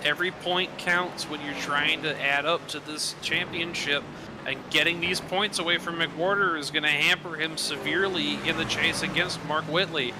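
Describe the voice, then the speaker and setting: A man giving steady, analytical co-commentary on an online truck race. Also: on the high side, normal speed, noisy background. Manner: steady, analytical calling of positions and points. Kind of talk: sim racing color commentary.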